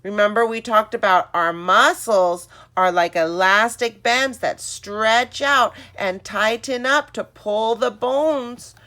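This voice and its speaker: A woman voicing a friendly male weightlifter gently explaining muscles to a child. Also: a little high, slow, hardly any pauses. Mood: instructive.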